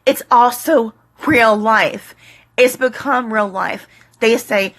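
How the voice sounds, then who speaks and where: Slow, bright-voiced emotional woman vlogger. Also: a little high, steady tone. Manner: tearful, pleading and defiant; slow, halting delivery with short fragments. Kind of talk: emotional direct-to-camera monologue.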